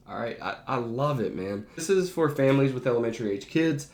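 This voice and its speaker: Man, teacher, casual ranking, enthusiastic, emphatic, mid-pitched, echoey room. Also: animated, brisk, a little mellow. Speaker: teacher and behavior analyst. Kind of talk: casual movie ranking to camera. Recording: roomy echo.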